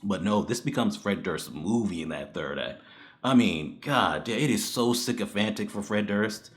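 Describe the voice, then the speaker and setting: A man with a fairly low voice delivers a casual movie review. He is blunt and swears freely, ranting in exasperation and breaking into laughs. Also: expressive, normal speed.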